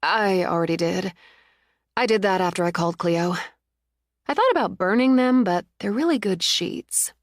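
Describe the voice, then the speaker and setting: A woman's voice: medium pitch, lively intonation, moderate pace, no room sound, close to an everyday voice. A woman voicing a betrayed young woman who answers bluntly and wryly, read in an audiobook with a dry, close sound. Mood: resolute. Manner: blunt, wry, resolute. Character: hurt but angry young woman, wry.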